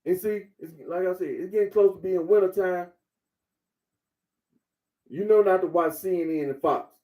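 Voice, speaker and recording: A commentator delivers a casual monologue, lecturing the listener directly in a blunt, repetitive way. His voice sits high and has a dark tone, moving at a moderate pace with long pauses.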